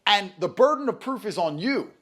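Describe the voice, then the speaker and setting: A man with a high, lively voice that swings up and down as he lectures. He talks emphatically and swears freely in casual conversation. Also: moderate pace. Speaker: guest.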